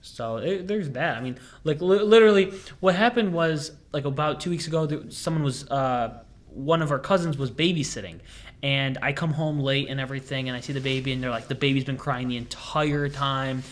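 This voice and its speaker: A man's voice: mid-range voice, fairly quick. A young man hosting a podcast, telling rambling, jokey stories in casual chat with lots of fillers. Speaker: podcast host.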